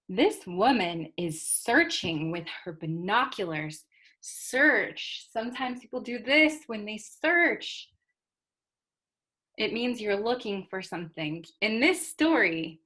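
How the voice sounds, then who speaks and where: A woman's voice: medium pitch, bright, forceful tone. A woman teaching English vocabulary to learners, carefully modeling and spelling out each word. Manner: slow, deliberate, spells out and models words.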